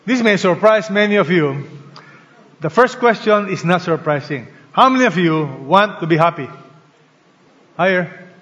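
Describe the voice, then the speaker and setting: His voice sits high and a bit bright, with lively intonation, a moderate pace and long pauses, as this pastor leads a prayer and gets the congregation answering and reading along. Recorded in a large church hall, the sermon carries a long reverb and sounds slightly dull.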